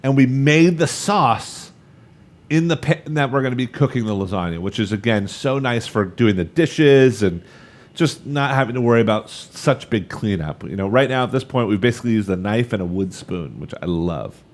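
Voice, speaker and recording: A man's voice: mid-range voice, lively intonation, moderate pace. Chatty man teaching a live cooking class. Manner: upbeat, chatty, addresses viewers directly. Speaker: cooking instructor.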